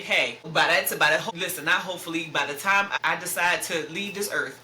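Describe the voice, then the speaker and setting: A woman's voice: fairly low pitch, expressive, a little fast, hardly any pauses, sharp tone. A woman in her thirties, hosting a podcast, telling a painful personal story in a blunt, profane, raw way. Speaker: podcast host. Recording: roomy echo, faint background noise.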